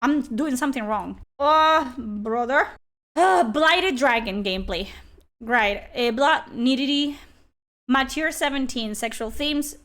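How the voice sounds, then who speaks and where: A woman's voice: high-pitched, takes it slowly, a bit bright. A young woman streamer reacting to a game trailer in a sarcastic, blunt and profane way. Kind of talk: live-stream reaction commentary.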